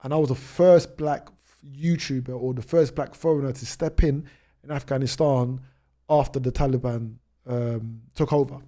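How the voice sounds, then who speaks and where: A British man in his twenties, a travel YouTuber, telling stories as a podcast guest. He jumps ahead quickly and restarts his sentences often. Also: medium pitch, fairly even intonation, mellow. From United Kingdom. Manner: rapid anecdotes with many restarts. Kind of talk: storytelling in a podcast interview.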